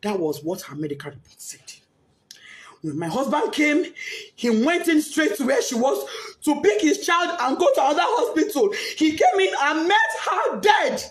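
Nigerian woman, middle-aged, grieving and crying, high voice all over the place, shouting then going quiet, echoey room. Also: very animated, normal speed. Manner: impassioned, swinging between shouting and hushed speech. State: grief-stricken, often crying. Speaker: bereaved mother. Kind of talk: emotional spoken testimony.

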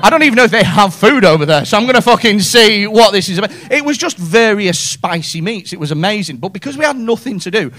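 A man's voice: high-pitched, animated, fast talker, hardly any pauses, a bit bright. A man doing sweary crowd work on a comedy club stage, often laughing at his own jokes. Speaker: stand-up comedian.

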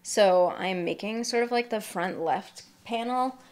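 A woman's voice: medium pitch, measured pace. Young woman, mild Massachusetts accent, easygoing host chatting through her crafts. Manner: chatty, laughs lightly, thinks aloud while showing work. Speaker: knitting podcast host. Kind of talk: casual show-and-tell chat.

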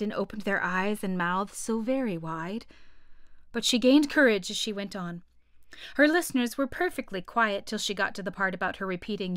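A woman narrating a classic storybook aloud in an even, clear storytelling manner. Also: mid-range voice, no room sound, studio quality. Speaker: audiobook narrator.

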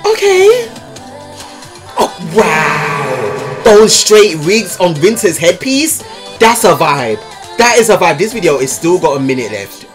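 A man hosting a music video reaction, loud and excitable, swearing and jumping into high squeals. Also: unhurried. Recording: music playing behind.

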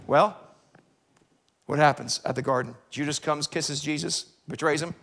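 A middle-aged American man preaching a sermon in a church, animated, swinging between loud bursts and hushed passages. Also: a little high, normal speed, vocal fry, pauses often. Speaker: pastor. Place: church sanctuary.

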